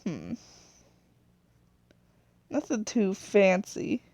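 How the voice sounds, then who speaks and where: A video creator narrates casually while designing a character, her mid-range voice swooping wildly in pitch at an extremely slow pace, a little mellow, with no echo. She rambles, corrects herself, trails off, and is chatty and sometimes apologetic.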